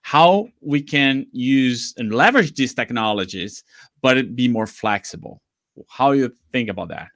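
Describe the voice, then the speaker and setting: Lively man co-hosting a live stream. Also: medium pitch, unhurried, dry recording, studio quality. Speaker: co-host. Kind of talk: live stream chat, asking questions.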